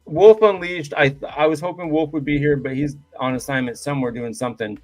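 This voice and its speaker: A man's voice: a little high, brisk, darkish tone. A man hosting a live-streamed podcast, loose and joking, full of fillers and the odd swear. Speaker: podcast host.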